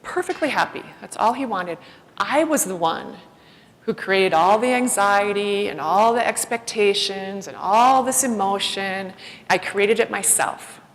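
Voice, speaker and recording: A woman giving a personal storytelling talk as a keynote speaker, animated and self-deprecating, acting out the voices she quotes. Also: medium pitch, a little slow. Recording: long hall reverb.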